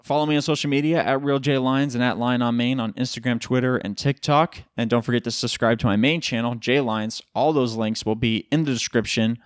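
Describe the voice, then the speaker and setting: A man's voice: medium pitch, fairly even intonation, fairly quick, few pauses, no echo, clean studio sound. A tired man hosting his own podcast, rambling loosely through casual chat and swearing now and then. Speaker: podcast host.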